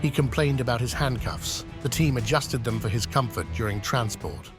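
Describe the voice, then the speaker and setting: A man's voice: mid-range voice, moderate pace. A man narrating in a scripted, matter-of-fact way. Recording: voice-over with music behind.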